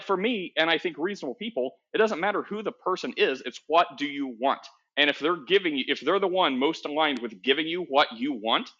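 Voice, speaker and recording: This male podcast host has a slightly high, somewhat bright voice. In a casual, rambling chat he corrects himself repeatedly and laughs at his own remarks, all captured in dull, lo-fi audio.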